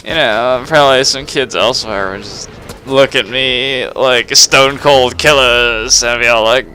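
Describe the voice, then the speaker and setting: A man's voice: mid-range voice, a little slow, pushed and bright, slight background noise. A young man in his late teens, a bit drunk, rambling and swearing through a confessional monologue, with laughs and sighs between phrases. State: tipsy from drinking. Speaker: gamer recording a personal vlog.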